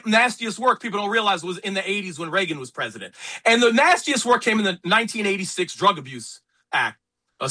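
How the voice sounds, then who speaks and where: Man, radio host, opinionated, animated, very expressive pitch, bright tone. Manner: animated, emphatic, quick asides. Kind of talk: opinionated sports and politics talk radio. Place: radio studio.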